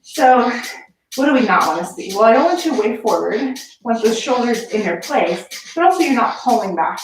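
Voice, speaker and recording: A woman's voice: on the high side, big pitch swings, moderate pace, recorded from a distance, a little hiss or hum. Breathless upbeat woman fitness instructor. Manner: upbeat, encouraging, counting reps. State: slightly out of breath. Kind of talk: home workout instruction. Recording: echoey room, voice from off-mic. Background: background music.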